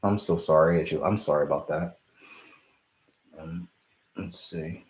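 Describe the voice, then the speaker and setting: This young man has a bass voice and speaks a little slowly while hosting a casual live stream. He responds to viewer questions in a rambling, apologetic way, often breaking off mid-thought.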